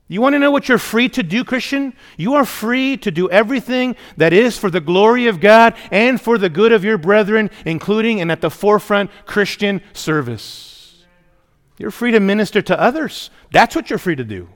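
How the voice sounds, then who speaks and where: A man's voice: high-pitched, animated, moderate pace. Emphatic male pastor in a reverberant hall. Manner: emphatic, asks the congregation for responses. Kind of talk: sermon. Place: church sanctuary.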